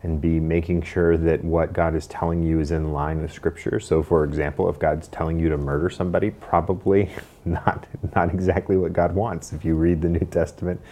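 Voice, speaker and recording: Male pastor, calm measured sermon delivery, dark flat low voice.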